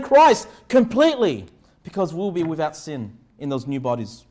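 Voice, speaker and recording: High-voiced preaching man. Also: huge pitch swings, dark tone. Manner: earnest preaching, rhetorical questions; slow, deliberate scripture reading. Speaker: pastor. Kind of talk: sermon.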